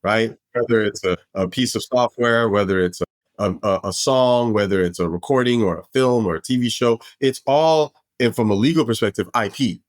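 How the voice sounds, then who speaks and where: A middle-aged man from Brooklyn, a podcast guest telling his career story in an animated, expansive way with frequent restarts. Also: fairly low pitch, moderate pace, no room sound. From Brooklyn, New York. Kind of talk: casual storytelling interview.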